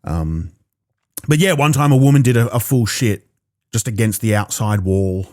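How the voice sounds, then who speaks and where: A man with an Australian accent doing a profane, animated stand-up set alone in his own room, stammering into restarts. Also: fairly low pitch, moderate pace, no room sound, studio quality. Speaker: stand-up comedian. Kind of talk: stand-up comedy performed alone.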